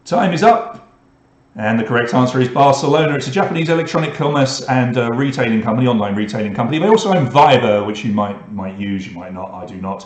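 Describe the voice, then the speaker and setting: A man's voice: medium pitch, quick pace, few pauses, reverberant. A man with a British accent hosting an online pub quiz, reading out questions and scores with chatty asides. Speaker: quiz host.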